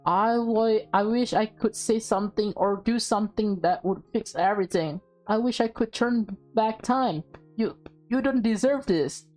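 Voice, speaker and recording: Woman voicing a teen boy in a game, remorseful, slightly raised pitch, slow, faltering. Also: a little mellow, soft background music, natural voice. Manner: broken, apologetic. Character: remorseful teenage boy apologizing.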